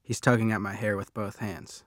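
A man reads a first-person audiobook in a low, fairly flat voice, steady and plain. The close studio mic leaves the sound completely dry. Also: normal speed, dry recording. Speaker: audiobook narrator.

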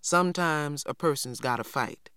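A man voicing a large, stern, quiet older farmhand who speaks slowly and low, as a storybook reader. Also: clear, resonant tone, dry recording, clean studio sound. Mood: stern calm. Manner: slow, low and measured.

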